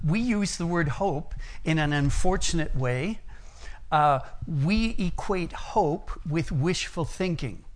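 A middle-aged American man preaching a sermon, telling personal stories in an earnest way. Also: fairly high pitch. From United States. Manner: earnest storytelling, varies loudness and pace.

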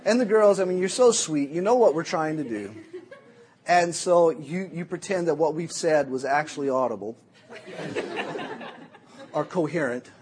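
A middle-aged man preaching a sermon as a Bible teacher, telling jokey, animated stories. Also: a little high, moderate pace, pauses often, slight background noise.

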